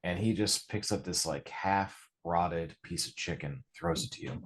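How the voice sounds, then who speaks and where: Deep-voiced man narrating as game master. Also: breathy edge. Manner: loose, drawn-out narration with fillers.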